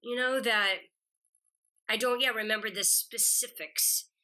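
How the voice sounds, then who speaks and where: Bright, animated woman telling stories. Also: on the high side, measured pace. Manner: animated storyteller acting out quotes. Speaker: guest actress. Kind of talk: casual interview chat.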